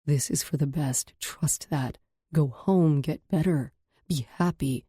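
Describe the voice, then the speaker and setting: A woman's voice: deep voice, slow pace, warm tone, husky, no echo, clean studio sound, full character voice. A woman narrator voicing a guarded, protective man who speaks in clipped, firm words in an audiobook. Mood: stern. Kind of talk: audiobook character voice.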